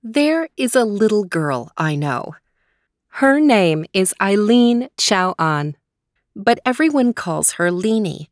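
A woman host narrating a children's story in a gentle, expressive voice. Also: medium pitch, takes it slowly, no echo, studio quality.

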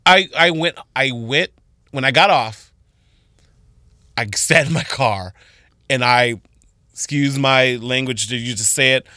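A man on a morning radio show, retelling events with big excitable swings up into squeaky highs. His voice is bright and forceful, close and dry in the studio. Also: unhurried, long pauses, dry recording. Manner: excitable, jumps to high squeals when retelling. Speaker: radio co-host. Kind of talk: animated storytelling on morning radio.

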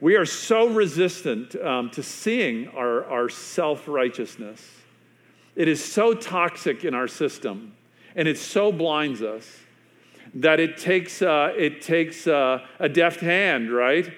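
A man preaching a sermon who tells it like a story, chatty and unpolished, with plenty of ums and restarts. His voice sits a bit higher than most men's, and he sinks to a hushed near-murmur when he wants a line to land. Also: animated, slow. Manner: conversational storytelling with frequent fillers and restarts; drops to a hushed, quieter voice for emphasis. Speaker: pastor.

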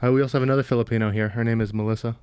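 A young man with a mid-pitched voice co-hosts a relaxed podcast. He rambles in a goofy, crude way. His voice sounds dry and close to the mic. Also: very fast, clear, resonant tone, no room sound. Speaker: podcast co-host. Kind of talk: casual podcast chat.

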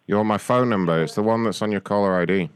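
A man playing a deadpan customer service agent in a prank phone call. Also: on the low side, quick pace, clear, resonant tone. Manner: deadpan, mock-official phone manner. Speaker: prank caller.

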